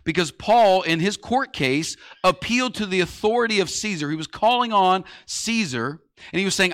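A man's voice: high voice, animated, moderate pace, fairly bright tone. A man preaching a sermon in a conversational way, using everyday analogies and rhetorical questions. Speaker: pastor.

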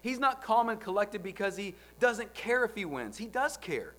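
A man preaching a sermon, firing off rhetorical questions and swinging between loud, driving lines and quiet ones. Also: high-pitched, sing-song, moderate pace, faint music behind.

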